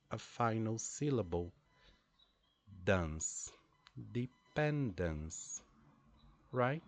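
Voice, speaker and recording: A man who is not a native English speaker, teaching pronunciation slowly and deliberately and repeating words for drilling. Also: lowish voice. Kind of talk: pronunciation lesson.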